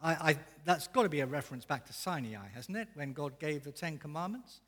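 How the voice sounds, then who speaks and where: A man preaching a sermon as pastor, with emphatic, expressive delivery that rises and falls in intensity. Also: on the high side, fairly quick, big-room sound.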